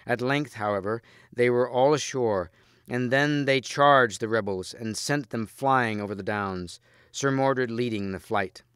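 A man reading a storybook aloud in a measured, steady way, close to the mic. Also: mid-range voice, smooth, no room sound. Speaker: audiobook reader.

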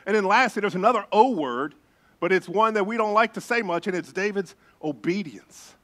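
A middle-aged man, a pastor, preaching a sermon with animated storytelling. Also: high voice, brisk. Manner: animated storytelling, acts out voices.

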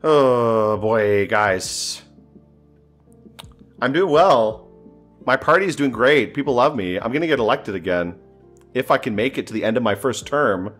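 A man's voice: medium pitch, animated, unhurried, long pauses, fairly bright tone, soft background music. A man giving casual, joking commentary while playing a strategy game, thinking aloud and sounding exasperated. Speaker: gameplay streamer.

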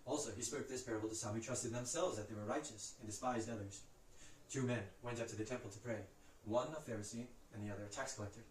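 Fast man reciting scripture in a roomy space. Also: lowish voice, recorded from a distance, slight background noise. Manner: brisk, steady recitation that rises for quoted cries. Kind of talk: Bible passage recited from memory.

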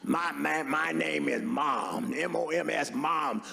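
A man voicing a toothless, sassy old woman comedian with a slow drawl, in an echoey hall. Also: fairly high pitch, vocal fry, sharp tone, a little hiss or hum, pitched below the performer's own voice, exaggerated voice.

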